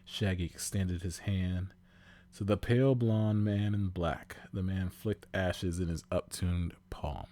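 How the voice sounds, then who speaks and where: A lower-pitched man reading fan fiction aloud for a podcast in a casual, giggly way. He often breaks into laughter as he reads. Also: takes it slowly, warm tone. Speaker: podcast host.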